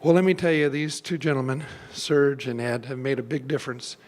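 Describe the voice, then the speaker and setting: A man's voice: medium pitch, steady tone, a little fast, darkish tone. Man, earnest plain-spoken tribute, long hall reverb. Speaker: guest speaker. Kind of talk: formal thank-you speech. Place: council chamber.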